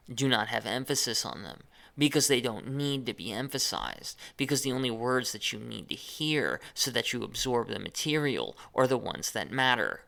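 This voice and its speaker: A man's voice: medium pitch, creaky, bright, forceful tone. Man talking in chopped, over-stressed phrases. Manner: chopped, overly emphasized phrasing; unedited, speaks off the cuff. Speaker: channel host. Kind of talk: deliberate monologue to camera.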